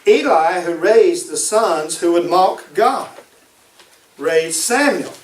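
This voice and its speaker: A man preaches a sermon in a fairly high voice and drives points home by repeating them. He sounds set back from the mic in an echoey room. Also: expressive, slow pace, distant mic. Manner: emphatic, repeats key phrases.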